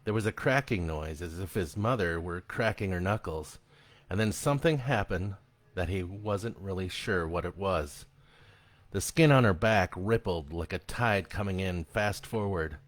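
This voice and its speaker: A man giving a live reading of his own horror story in an expressive, dramatic storytelling manner. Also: deep voice, moderate pace, no room sound.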